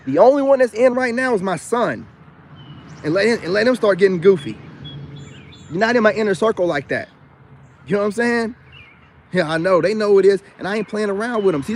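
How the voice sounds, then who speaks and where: A man's voice: high-pitched, slight background noise. A man ranting to camera outdoors, boastful and defiant, rambling with frequent filler asides. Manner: repeats filler asides often. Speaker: self-styled life coach vlogger. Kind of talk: unscripted rant to camera.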